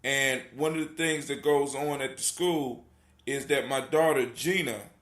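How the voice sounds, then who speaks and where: Rambling motivational male host, bright voice. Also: medium pitch, a little slow, roomy sound. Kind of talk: casual call-in show monologue.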